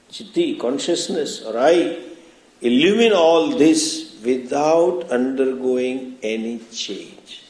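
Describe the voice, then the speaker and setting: Slow-speaking man lecturing in a roomy class. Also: mid-range voice, a little mellow. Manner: explains patiently, asks rhetorical questions; chants Sanskrit terms. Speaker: spiritual teacher. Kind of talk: lecture on scripture.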